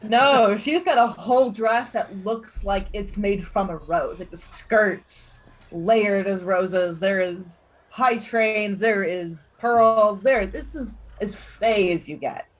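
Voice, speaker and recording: A woman playing a tabletop game, calmly describing her character. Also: mid-range voice, slow, few pauses, poor audio. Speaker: player.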